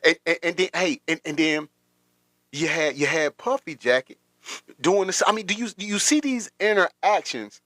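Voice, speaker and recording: A livestream host rambles casually through commentary, repeating words and laughing often. His fairly high, fairly bright voice is animated at a moderate pace, recorded dry with clean studio sound.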